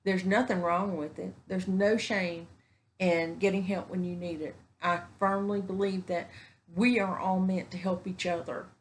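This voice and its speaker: Woman, slow delivery, casual camera vlog, folksy, repeats for emphasis. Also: lowish voice, level tone, a little hiss or hum. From Texas. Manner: warm, rambling, folksy, repeats herself for emphasis. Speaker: vlogger. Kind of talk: casual heartfelt talk to camera. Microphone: camera mic.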